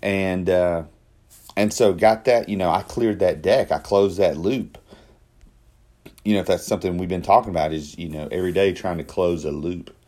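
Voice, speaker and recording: A man with a low, deep voice thinks out loud in a relaxed video diary. He rambles a little, restarting and correcting himself mid-sentence. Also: moderate pace. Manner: rambling, self-correcting, with repeated starts. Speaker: daily video diarist. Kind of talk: casual self-reflective monologue.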